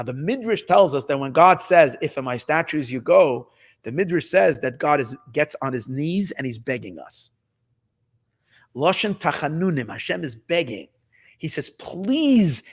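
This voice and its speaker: A man teaching a Hasidic text as a rabbi, excitable and emphatic, repeating phrases and mixing in Hebrew terms. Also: high voice. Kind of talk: animated Torah class. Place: study hall.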